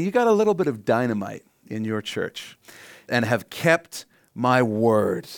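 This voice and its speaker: A man delivering a sermon, teaching earnestly and putting rhetorical questions to his listeners. His voice sits at a middling pitch. The sound is dry and close, with little room around it. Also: no room sound. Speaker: pastor.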